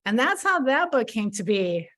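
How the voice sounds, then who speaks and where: A woman guest on a podcast, speaking earnestly and with feeling. Her voice sits fairly high for a woman. She voices her own past questions aloud as she tells her story. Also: very animated, normal speed, fairly bright tone. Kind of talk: personal testimony in a podcast interview.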